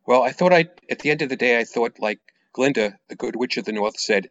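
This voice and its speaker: A male author reading his own novel aloud as a guest, with animated storytelling narration. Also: medium pitch, a little fast, no room sound, highs cut off.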